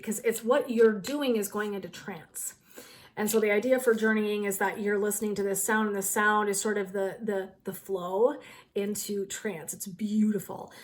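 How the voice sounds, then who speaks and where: A woman's voice: medium pitch, a little hiss or hum. A middle-aged woman hosting a wellness channel, chatting casually to her viewers and giggling through a funny story.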